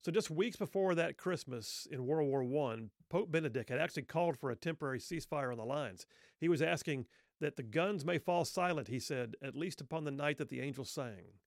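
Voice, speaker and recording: A middle-aged man telling a story earnestly, with rhetorical questions and pauses. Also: mid-range voice, vocal fry, dry recording, clean studio sound. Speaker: speaker telling a Christmas story. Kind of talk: reflective spoken storytelling.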